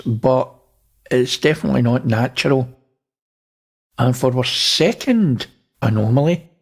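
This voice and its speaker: A man's voice: mid-range voice, gravelly, breathy edge. A man hosting, casually talking through images and pointing things out. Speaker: host. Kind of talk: casual narration over images.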